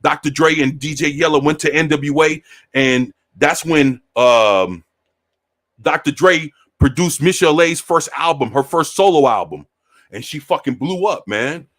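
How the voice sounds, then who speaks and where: A man in his forties telling rambling stories in a relaxed, profane way, often ending sentences with "man". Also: fairly high pitch, unhurried. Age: 40s. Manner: rambling, profane, laid-back, peppered with "man". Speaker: show host. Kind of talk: casual storytelling.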